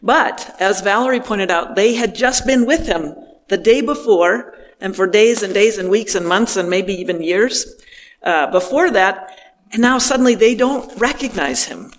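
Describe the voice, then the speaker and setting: A male preacher delivers a reflective sermon in a gentle, unhurried way, his voice sitting high. He lets each phrase land and pauses before moving on. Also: expressive, big-room sound. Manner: slow, gentle, pausing between phrases.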